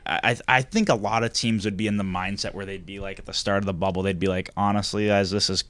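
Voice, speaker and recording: A man's voice: sits low, steady tone, fast, a bit bright, clear, resonant tone, dry recording. A young man chatting casually as a podcast guest, rambling and restarting his sentences. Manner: rambling, repeats words, restarts. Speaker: guest hockey player.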